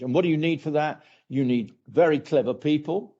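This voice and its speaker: A man's voice: a little high, a little fast, hardly any pauses, darkish tone. A male academic answering a question at a university talk, rambling with many asides and repeated phrases, on a dull lo-fi recording. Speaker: academic speaker.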